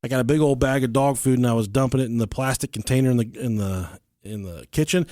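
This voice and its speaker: A man's voice: medium pitch, fast talker, darkish tone, no room sound, studio quality. A man hosting a podcast, telling stories in casual chat, swearing freely, joking and laughing as he goes. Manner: profane, joking, laughs often while telling. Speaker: podcast host.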